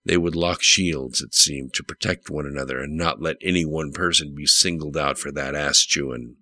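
A man narrating a political thriller audiobook in a steady, measured way. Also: a bass voice, no room sound. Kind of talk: scripted narration.

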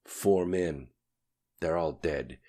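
A man reading an audiobook, voicing a gruff male army general who speaks in short, clipped phrases. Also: very deep voice, very slow, dark tone, heavily acted. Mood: brusque.

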